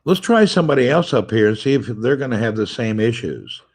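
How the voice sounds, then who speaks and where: A man chats through a phone livestream from his home, his voice sitting at an ordinary middle pitch. He greets viewers one by one and reads their comments aloud. His tone stays loose and playfully teasing. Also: big pitch swings, fairly quick, husky. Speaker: livestream host. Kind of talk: casual live-stream chat. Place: at home with family nearby.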